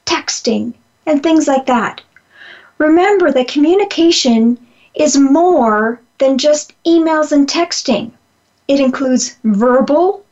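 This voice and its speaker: A woman's voice: high voice, a little mellow, muffled recording. A woman giving a conversational lesson on communication, repeating her key points with frequent ums. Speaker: communication trainer. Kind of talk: lecture-style presentation.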